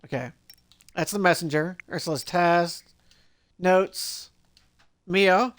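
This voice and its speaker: High-voiced man streaming a game. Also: slow, a bit bright. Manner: reacts with laughs, thinks aloud. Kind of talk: livestream gameplay, reading game text aloud.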